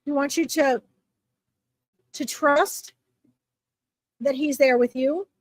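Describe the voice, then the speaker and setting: A woman giving chatty, reassuring readings to viewers on a live stream, with lots of fillers and little pauses. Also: sits high, fairly even intonation, dry recording. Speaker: psychic reader answering viewers.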